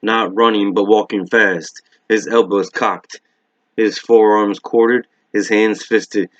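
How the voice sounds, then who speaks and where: Man narrating a horror novel, steady and measured, low voice, dry close mic. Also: no room sound. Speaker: reader. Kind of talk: reading a novel aloud. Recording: dull lo-fi recording.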